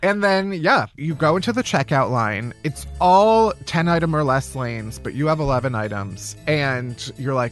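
A man's voice: medium pitch, animated, moderate pace, hardly any pauses, soft background music. A man hosting a podcast, telling a rambling, exasperated comic story and laughing often. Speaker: podcast host.

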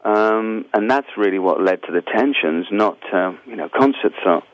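An English man answering interview questions in a halting, rambling way, full of restarts. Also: on the low side, expressive, highs cut off. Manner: halting, many restarts and fillers. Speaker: musician guest.

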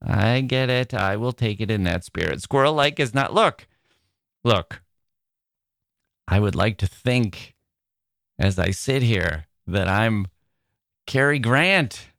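A man's voice: lowish voice, a little slow, vocal fry, no room sound, studio quality. A man hosting a literary podcast, playful and theatrical, often laughing at himself, with a voice a listener called squirrel-like. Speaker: podcast host.

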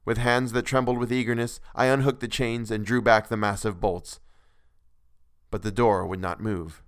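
A man's voice: on the low side, steady tone, moderate pace, clean tone, dry recording. A man narrating a classic novel in the first person with earnest, dramatic delivery, recorded on a close microphone.

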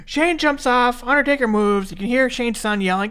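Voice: medium pitch, normal speed, fairly bright tone, clear, resonant tone. A podcast co-host in their thirties, from Minnesota, recapping a wrestling match in casual chat, swearing freely and talking with lots of likes and restarts.

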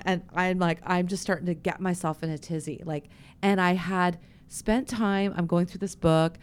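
A woman's voice: lowish voice, steady tone, normal speed, clean tone. A woman pastor co-hosting a casual faith podcast, telling candid, confessional stories with many restarts.

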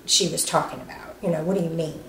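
Quick-paced and low-pitched, with a slightly bright tone and fairly even intonation, a woman tells the story of losing a family member, reenacting the words exchanged while stating events plainly. She is interviewed at the family's home in an echoey room with faint noise.

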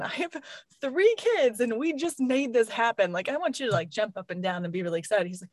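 A woman's voice: a little high, fairly quick, no echo. A woman in her thirties, a mother of three and a professor, chatting casually and acting out what others say, laughing often. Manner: animated, acts out quoted voices, laughs often. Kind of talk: casual chat.

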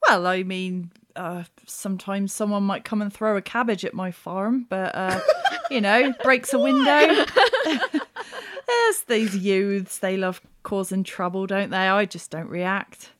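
A woman's voice: mid-range voice, a little slow, close to an everyday voice. A woman voicing a folksy, old-fashioned male farmer who talks in a homely, rambling way. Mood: defensive. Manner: homely, rambling, rustic turns of phrase.

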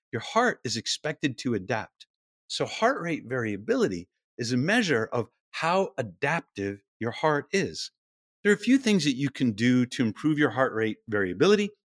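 A middle-aged man talks as a podcast guest, his pitch swinging up and down with real liveliness. The recording is close and dry, with almost no room sound around him. He explains eagerly and slips into little acted-out voices when he quotes someone. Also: sing-song, normal speed, no room sound. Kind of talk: explanatory interview talk.

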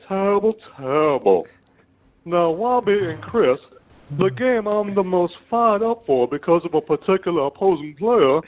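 A loud, boastful basketball-legend pundit, put on by a Texan caller, hammers his words home over and over. The voice sits high for a man. It comes through a thin, tinny voicemail line. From Texas. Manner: booming, repeats words for emphasis. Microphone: phone voicemail.

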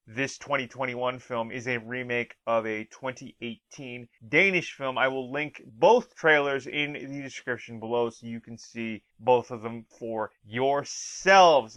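A man's voice: mid-range voice, fairly bright tone. A man giving a casual spoken review of a movie trailer, rambling with restarts and acting out quoted lines.

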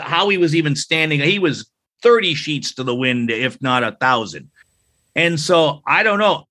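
Earnest bright-voiced man telling a story. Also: a little high. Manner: earnest, animated, acts out quoted speech. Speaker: podcast guest, author. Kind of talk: personal storytelling in a faith-based interview.

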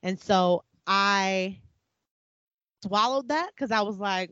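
A woman talks openly in a casual chat, thinking aloud and restarting her sentences. The sound is dry and a little dull, as if recorded close to the mic in a quiet room. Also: mid-range voice, slow pace, clean tone, no echo. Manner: candid, reflective, talks with restarts and "like". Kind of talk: casual conversation.

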